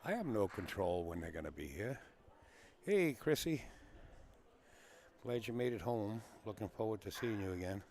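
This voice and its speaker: A man's voice: lowish voice, big pitch swings, moderate pace, pauses often, darkish tone. A man hosting a casual live stream from a pool hall, rambling and greeting viewers by name.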